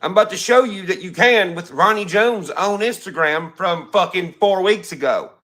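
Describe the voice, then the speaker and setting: A man's voice: high voice, moderate pace, a bit bright. A man ranting on a livestream, angry and profane, mocking his critics. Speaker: streamer in a played clip.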